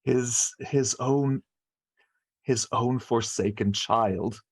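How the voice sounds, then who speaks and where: Male tabletop player, mid-pitched, slow and halting, stumbling over repeated words in character. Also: husky. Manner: stammering, repeats words while piecing things together. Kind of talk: in-character tabletop role-play.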